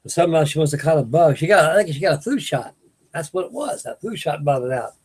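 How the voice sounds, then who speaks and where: Older guy rambling on his late night stream, husky voice kinda high, keeps restarting sentences. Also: lively intonation, quick pace. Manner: folksy, meandering, restarts sentences. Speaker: host of a live stream. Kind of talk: rambling casual chat to viewers. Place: home at night.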